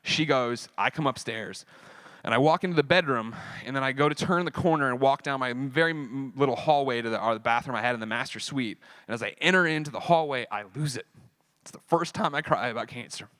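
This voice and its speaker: A man speaking at a convention panel, telling a personal story in an animated, profane way and acting out the dialogue. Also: medium pitch, brisk, no room sound.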